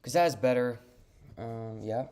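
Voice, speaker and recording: A man's voice: medium pitch, slow pace, warm tone, slight background noise. A man ranting on a live stream in a casual, profane and dismissive way, rambling and restarting his sentences, talking into an earphone mic.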